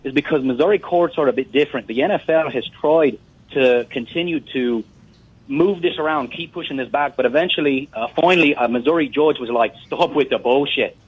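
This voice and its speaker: A man's voice: medium pitch, brisk, slightly rough, phone-quality sound, pitched above the performer's own voice, natural voice. A man faking an Irish accent while calling in to a radio show, telling his story in a brash, offhand way. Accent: put-on Irish. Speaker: caller.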